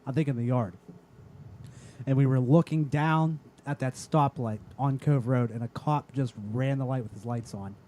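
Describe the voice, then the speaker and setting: A man's voice: medium pitch, fairly even intonation, moderate pace, mellow, a little hiss or hum. A man in casual podcast chat, recounting a shared memory in matter-of-fact detail.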